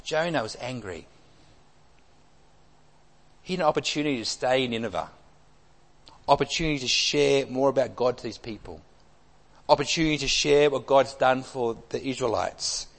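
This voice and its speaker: A man preaching an expository sermon, emphatic, with wide swings between loud and soft. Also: mid-range voice, moderate pace, creaky, long pauses. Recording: long hall reverb.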